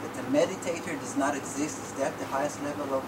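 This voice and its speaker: A man's voice: mid-range voice, steady tone, fast. A man from the audience posing a thoughtful question at a public talk. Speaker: audience member asking a question. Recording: noisy audience recording.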